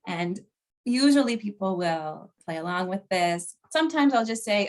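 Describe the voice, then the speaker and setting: A woman teacher leads a workshop presentation. She talks in an upbeat way and laughs easily. Her voice sits at a middle pitch. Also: expressive, normal speed.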